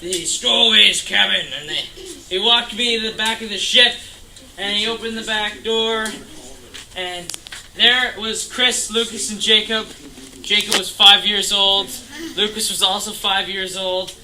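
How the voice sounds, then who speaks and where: A young storyteller in his late teens rambles through a joking tall tale in a camp cabin, with plenty of fillers. His voice sits high and sounds bright and forceful, but the delivery is flat and unhurried. Background noise fills the echoey room.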